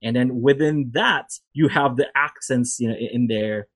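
A man's voice: medium pitch, normal speed, slightly rough, no room sound. A man teaching an instrument lesson, explaining playing technique in a loose, rambling way with many fillers and restarts. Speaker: music teacher.

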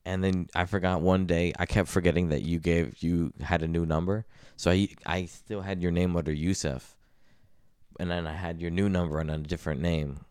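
Deep, smooth-voiced laid-back man. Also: steady tone, normal speed, darkish tone, no room sound, studio quality. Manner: laid-back, laughs often. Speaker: podcast co-host. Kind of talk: casual podcast banter.

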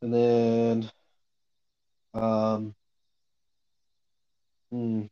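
A man's voice: medium pitch, completely flat delivery, drawn-out words, warm tone, highs cut off. A man casually recapping a novel on a podcast, rambling with lots of fillers and the odd swear. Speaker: podcast co-host recapping a book. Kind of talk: casual book discussion.

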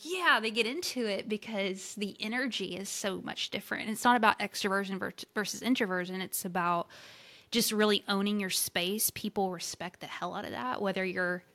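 Bright, emphatic Southern woman. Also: medium pitch, a little fast. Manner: lively, emphatic, playful exclamations. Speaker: podcast co-host. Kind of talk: casual podcast chat.

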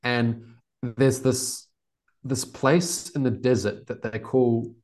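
A man in his twenties with a New Zealand accent, a podcast guest telling stories in a relaxed, rambling way and laughing often. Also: medium pitch, slow pace. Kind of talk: casual storytelling interview.

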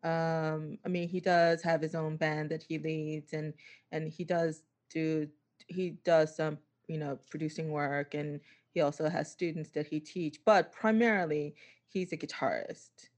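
A woman with a somewhat low voice conducts a casual interview. She asks her questions hesitantly, filling the gaps with ums and restarting her sentences. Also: steady tone, unhurried, darkish tone.

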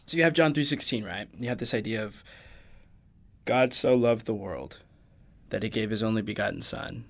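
A man's voice: fairly low pitch, lively intonation, moderate pace, creaky, pauses often. A man in a casual podcast conversation, earnestly quoting and unpacking scripture. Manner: earnest, quotes scripture at length. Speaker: podcast guest. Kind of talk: casual faith discussion.

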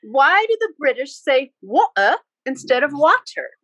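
A woman chatting on a podcast, bubbly and quick to laugh. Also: sits high, sing-song, fairly bright tone, dry recording. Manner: bubbly, laughs as she talks. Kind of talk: casual chat.

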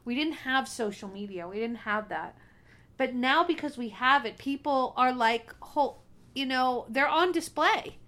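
Female podcast co-host, somewhat high voice, casual and encouraging. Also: expressive, unhurried, fairly bright tone. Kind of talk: casual conversation.

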